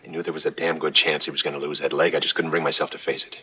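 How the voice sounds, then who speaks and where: Needs a very deep, crisp-toned man weighed down by guilt, speaking low and subdued. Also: level tone, rapid-fire, bright, forceful tone, heavily acted. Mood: remorseful. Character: guilt-ridden man confiding his regret.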